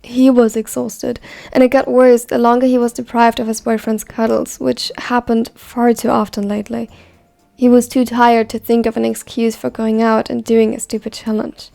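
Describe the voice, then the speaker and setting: A woman narrating a fan story in an even, measured reading voice. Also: on the high side, gravelly, soft background music.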